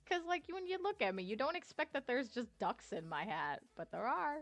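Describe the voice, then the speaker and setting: A woman's voice: high voice, very animated, normal speed, long pauses, highs cut off, faint music behind. A woman streamer telling a story in casual chat, laughing often and swearing freely.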